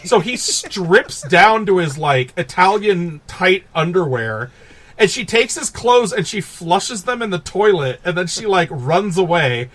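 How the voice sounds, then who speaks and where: Upbeat man recapping films, slightly high voice. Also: measured pace. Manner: animated storytelling, swears and laughs often. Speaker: podcast co-host. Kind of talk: casual chat.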